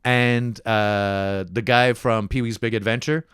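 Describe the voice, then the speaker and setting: A man from Canada, a podcast guest, in casual comedic chat, swearing and swinging into high put-on voices when he quotes people. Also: steady tone, slow pace, fairly bright tone, smooth, no room sound, clean studio sound.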